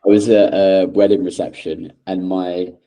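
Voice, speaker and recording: A man's voice: sits low, little pitch movement, moderate pace, highs cut off. A young man co-hosting a podcast, talking in a laid-back, blunt way and swearing freely. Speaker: podcast co-host. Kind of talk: casual chat.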